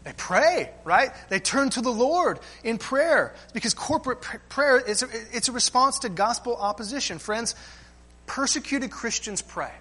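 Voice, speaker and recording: A man's voice: extremely high pitch, lively intonation, normal speed, hardly any pauses, sharp tone, slightly rough. A man preaching a sermon as pastor, asking the congregation rhetorical questions and often tagging "right?" and "friends".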